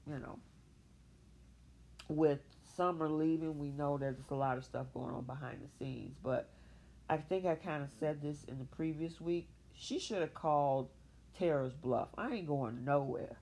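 A woman hosting a soap opera recap show solo, talking animatedly and opinionatedly, with a casual style. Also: low voice. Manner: animated, opinionated, speaks for characters in her own voice. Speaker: podcast host.

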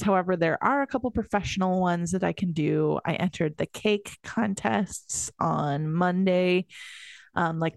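Iowa woman, 30s, podcast co-host, animated ups and downs, dry booth sound. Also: deep voice, dry recording. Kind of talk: casual chat.

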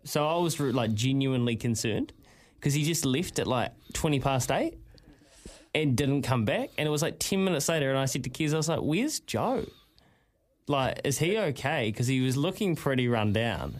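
A man's voice: mid-range voice, expressive, brisk. A young man, co-hosting radio and telling a story in casual chat, filling his talk with "like". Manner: chatty, lots of "like". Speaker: radio co-host.

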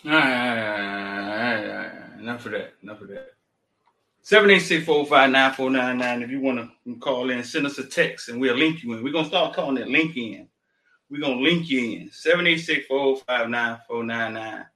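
Male host, casual slangy patter, bright forceful tone. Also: mid-range voice, moderate pace. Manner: loose, repetitive, slangy patter. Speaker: show host. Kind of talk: casual live-stream talk show.

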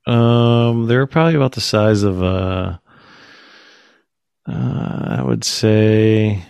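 Gravelly low-voiced man telling a story. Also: no room sound, clean studio sound. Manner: animated storytelling, acts out quotes. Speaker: podcast host. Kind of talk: casual chat.

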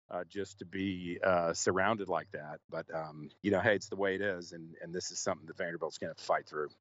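A man's voice: low voice, fairly bright tone, muffled recording. A man reporting on location for a podcast, talking casually with many restarts and fillers.

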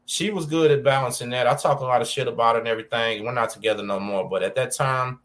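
A podcast host with a Texan accent chats casually about prison life in laid-back street slang, calling the listener "dog" and "bro." His voice is medium-pitched and fairly bright, and he talks at a quick pace.

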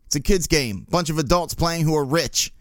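A man hosting a podcast, telling stories in a casual, profane, animated way. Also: fairly high pitch, normal speed, no room sound, studio quality. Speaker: podcast host. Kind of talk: casual monologue.

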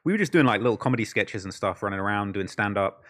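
Fast-talking young British man. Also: on the low side, animated, fairly bright tone. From United Kingdom. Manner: slangy, lots of fillers like "like" and "bro". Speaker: YouTube creator guest. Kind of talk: casual podcast chat.

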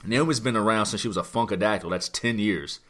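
This man's voice sits on the low side, a bit bright, and he talks fairly quickly. Hosting a podcast, he runs through wrestling news in casual, rambling chat, emphatic and packed with rhetorical questions.

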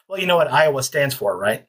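A podcast host chatting in an easygoing way, quick with jokes. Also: mid-range voice, a bit bright, husky. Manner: joking, easygoing. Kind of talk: casual podcast chat.

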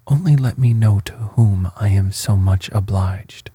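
A frightened young princess from a gothic storybook, as a male narrator reads her. The voice stays low and mellow, heavily breathy, with a level, unhurried rhythm. It is recorded dry. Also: dry recording. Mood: anxious. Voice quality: hushed, breathy. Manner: slow, even storybook delivery.

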